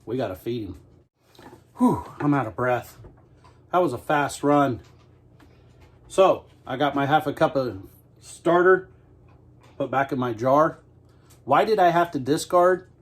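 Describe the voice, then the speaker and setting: This middle-aged man hosts a homestead cooking show, baking at home and guiding the viewer through each stage with casual, self-deprecating folksy humor. He speaks at a medium pitch, unhurried, leaving long pauses.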